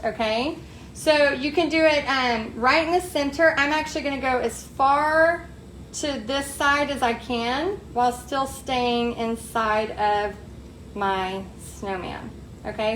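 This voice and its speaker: A woman's voice: high voice, fairly bright tone. A woman hosting a live painting tutorial, upbeat and chatty, talking to her viewers as she works. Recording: echoey room, faint background noise.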